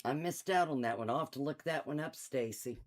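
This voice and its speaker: A woman's voice: a bass voice, brisk. A middle-aged woman hosting a live quilt shop sale in her shop, chatty and enthusiastic, laughing often and reading out item numbers. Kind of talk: casual live-stream sales chat.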